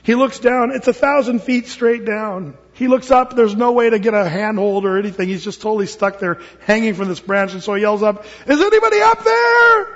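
Pastor, man, high husky voice, storyteller who acts out the voices, long hall echo on a dull recording. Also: fairly quick, hardly any pauses. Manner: animated storytelling, acts out voices, stammers and repeats words. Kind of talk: sermon.

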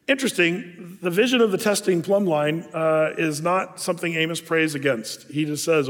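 A middle-aged pastor from Southern Oregon preaching a sermon in a relaxed, conversational way, full of fillers and restarts. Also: male voice, on the high side, moderate pace, hardly any pauses. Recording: long hall reverb.

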